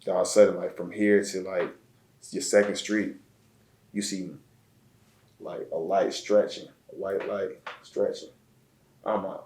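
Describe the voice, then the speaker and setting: Deep-voiced man telling a story, echoey room. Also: flat delivery, darkish tone, a little hiss or hum. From Chicago. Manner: emotional, halting, repeats words. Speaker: interview guest. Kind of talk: casual storytelling.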